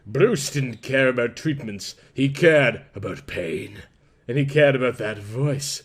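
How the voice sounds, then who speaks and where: A man reading a pulp story aloud in a lively, expressive narration. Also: mid-range voice, unhurried, breathy edge. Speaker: story reader.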